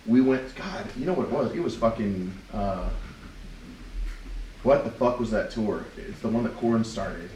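A man's voice: on the low side, measured pace, darkish tone. A middle-aged man co-hosting a podcast, telling rambling stories in casual chat and swearing a lot. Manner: rambling storyteller, swears often. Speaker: podcast co-host. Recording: roomy, distant mic with faint hiss.

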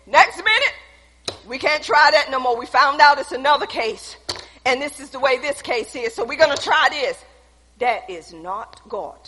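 Very high-voiced bright woman preacher. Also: lively intonation, measured pace, long pauses. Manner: emphatic, folksy, repeats phrases for stress. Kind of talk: sermon. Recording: long echoey hall reverb.

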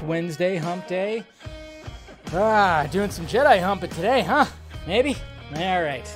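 A man's voice: high voice, expressive, a little slow. A man hosting a live show, chatting casually, rambling and repeating himself as he greets viewers by name. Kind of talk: casual live-stream chat. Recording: music playing under the voice. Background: music.

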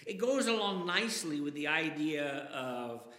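A man's voice: fairly high pitch, big pitch swings, moderate pace, pushed and bright. A man preaching a sermon, reading scripture aloud with dramatic emphasis. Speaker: pastor. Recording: echoey hall with long reverb.

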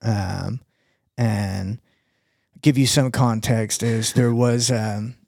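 A man co-hosting a casual podcast with a gravelly, fry-edged voice. He rambles through a story, stopping for fillers and laughing along. The sound is dry and close. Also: lowish voice, fairly even intonation, very slow, darkish tone, no room sound. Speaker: podcast co-host. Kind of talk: casual chat.

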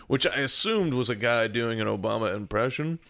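A man's voice: medium pitch, lively intonation, brisk, creaky, a bit bright. A man hosting a podcast, joking and telling stories in casual chat. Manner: joking, storytelling. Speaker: podcast host.

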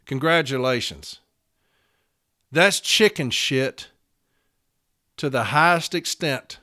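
A man's voice: medium pitch, bright, forceful tone. A man hosting a show, ranting with profane, sarcastic fire about union matters. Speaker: podcast host. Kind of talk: ranting commentary.

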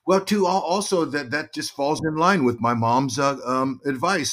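A man's voice: a little high, normal speed, few pauses. A middle-aged man, a guest on an interview podcast, telling stories and acting out quotes in a raised voice. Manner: animated, acts out quotes in a raised voice. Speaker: guest, former baseball player and broadcaster.

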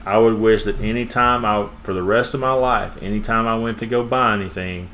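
A man's voice: fairly low pitch, fairly even intonation, a little fast, pushed and bright, slight background noise. A man chatting casually on a podcast, rambling through jokes and acting out the lines. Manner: rambling storyteller, retells jokes with quoted voices. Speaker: podcast co-host. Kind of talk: casual joke-telling chat.

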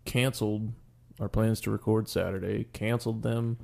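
A man's voice: on the low side, flat delivery, normal speed, vocal fry, darkish tone. A young man telling a rambling, profane story on a casual podcast as its co-host.

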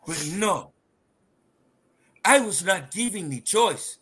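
A man with an African accent, co-hosting a podcast in casual, teasing chat that turns into loud exclamations. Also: high voice, animated, slow pace, breathy edge. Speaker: podcast co-host.

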